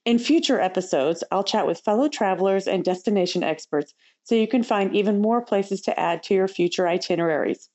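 A woman's voice: medium pitch, fairly quick, hardly any pauses, darkish tone. Upbeat woman hosting a travel podcast. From United States. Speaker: podcast host. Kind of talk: scripted travel podcast narration.

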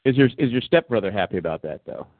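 A man's voice: on the low side, expressive, fast talker, background noise. A man hosting a casual sports podcast, talking in rambling stretches with many restarts and fillers. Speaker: podcast host. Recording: tinny phone-like line.

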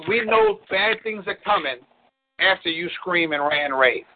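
A man's voice: sits high, wildly swooping pitch, moderate pace, vocal fry. A man giving blunt relationship advice on a call-in show, preachy and repeating words for emphasis. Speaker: relationship coach. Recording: tinny phone-line sound.

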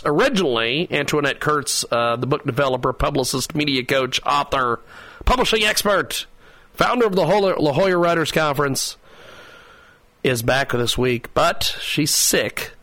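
A man hosting a radio talk show, chatting in a rambling, halting way with frequent laughter. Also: on the high side, bright, forceful tone, rough recording. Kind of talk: casual radio chat.

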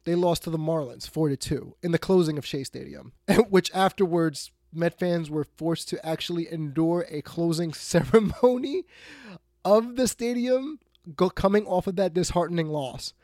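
A man's voice: fairly high pitch, moderate pace, dry recording. Exasperated male sports talk host, dry mic. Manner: blunt, exasperated, swings between loud outbursts and muttered asides. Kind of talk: ranting sports talk monologue.

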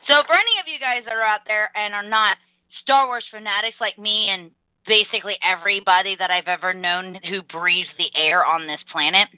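A young adult woman hosting a casual podcast, talking in fast energetic rambles and acting out quotes. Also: mid-range voice, no room sound. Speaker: podcast host. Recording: tinny phone-line call audio.

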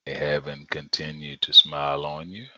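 A man's voice: extremely low pitch, flat delivery, moderate pace, bright, forceful tone, no room sound. A man preaching a sermon in a conversational, emphatic way, repeating phrases for effect. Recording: dull lo-fi sound.

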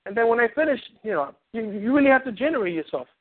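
A man coaching on a phone call, animated and rambling, acting out little scenes. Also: very high voice, fast. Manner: animated, rambling, acts out quotes. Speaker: relationship coach. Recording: tinny phone line.

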